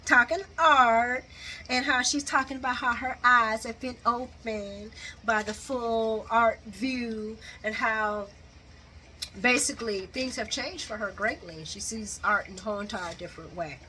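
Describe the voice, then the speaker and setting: Bright-voiced woman chatting a soap recap. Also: on the high side, unhurried, slight background noise. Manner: animated, laughs often, acts out quotes. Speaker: soap opera recap vlogger. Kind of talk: casual recap chat.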